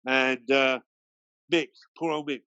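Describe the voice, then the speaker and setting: A man's voice: medium pitch, steady tone, slow, bright, forceful tone, clear, resonant tone, no echo, dull audio. A man from Britain, a guest DJ, telling anecdotes in a rambling way full of fillers and restarts. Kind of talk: anecdotal storytelling in a conversation.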